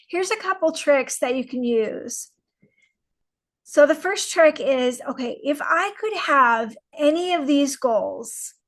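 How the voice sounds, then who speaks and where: A woman coaching listeners through setting goals, unhurried and encouraging, acting out quotes with lively emphasis. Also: high voice. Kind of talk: motivational goal-setting lesson.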